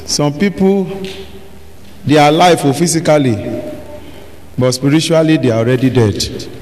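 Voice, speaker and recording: A man preaching a sermon, asking the congregation to finish his sentences and breaking into sudden shouts. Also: on the high side, moderate pace. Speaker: pastor. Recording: long hall reverb, faint noise.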